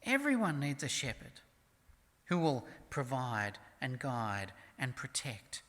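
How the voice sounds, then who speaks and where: Preacher, sermon; slow and emphatic, forceful bright tone, loud-to-whisper swings, reverberant church sound. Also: medium pitch, sing-song. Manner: reads scripture slowly and softly.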